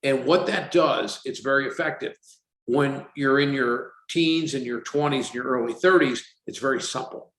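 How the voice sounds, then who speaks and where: A man's voice: medium pitch, normal speed. A man in his sixties, a company CEO guest on a casual podcast, telling stories and acting out the voices of the people he quotes. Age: 60s. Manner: animated storyteller, acts out quotes. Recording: roomy echo.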